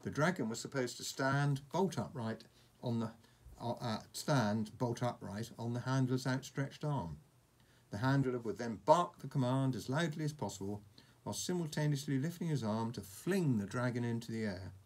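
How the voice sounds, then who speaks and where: A man reading a storybook aloud to a child, pausing for asides about the pictures. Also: medium pitch, expressive. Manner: warm asides, chuckles at the pictures.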